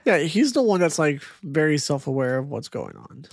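A man chats loosely about a film with his co-host, hedging his points as he thinks them through. His voice is a little high and has a gravelly fry. The recording is dry and close. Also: normal speed, dry recording. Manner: relaxed, thinks aloud with hedging "essentially". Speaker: podcast co-host. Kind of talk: casual chat.

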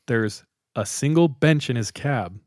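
A young man tells a story to friends on a podcast, lively and quick to laugh. His pitch sits in an ordinary middle range. The recording is close and dry, with no room sound. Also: no room sound. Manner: animated, laughs often, acts out quoted people. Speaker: podcast host. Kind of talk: casual storytelling among friends.

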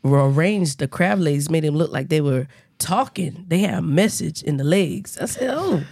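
A woman's voice: low-pitched, expressive, moderate pace, a little mellow, no room sound, clean studio sound. A woman co-hosting a podcast, chatting loosely and teasing her friends with frequent laughs. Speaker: podcast co-host. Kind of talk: casual chat.

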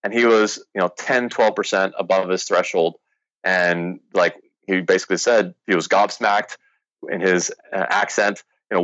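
A man's voice: sits low, fairly even intonation, normal speed, fairly bright tone, no room sound, highs cut off. A man telling the story of the company he founded in a casual interview, rambling and full of fillers. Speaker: founder of a sports drink company.

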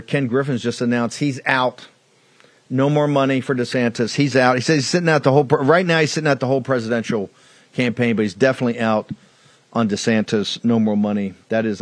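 A man hosting a political talk show, delivering a combative, mocking monologue that climbs into loud outbursts. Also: mid-range voice, no room sound.

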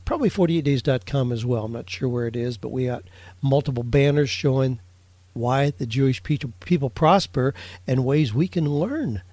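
A man's voice: medium pitch, normal speed, a little mellow, dry recording. A man hosting a solo podcast, chatting through listener questions. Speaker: podcast host.

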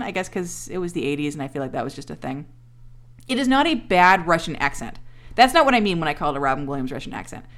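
Animated woman in her thirties, laughing. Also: a little high. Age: 30s. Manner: animated, laughing, swearing freely. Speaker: podcast co-host. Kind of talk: casual chat recapping a TV episode.

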